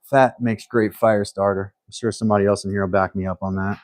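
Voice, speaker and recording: A man hosting a casual live stream, thinking aloud while he works, humble and a little halting, with frequent restarts. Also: lowish voice, steady tone, darkish tone, dry recording.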